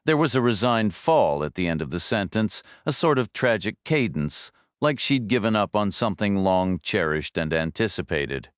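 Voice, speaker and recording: Low, smooth-voiced male audiobook narrator. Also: very animated, normal speed, few pauses, no echo, studio quality. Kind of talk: scripted narration.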